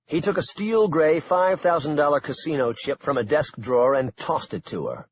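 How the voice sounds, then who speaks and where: A man narrating a suspense audiobook in an expressive, dramatic way. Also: a little high, normal speed, slightly rough, dull audio.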